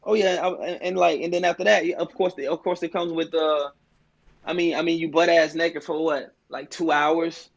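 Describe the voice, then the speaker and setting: Profane, rambling ex-inmate storyteller. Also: male voice, on the high side, level tone, normal speed, creaky, highs cut off. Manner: stumbling restarts, profane street slang. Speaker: podcast guest. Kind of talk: casual storytelling chat.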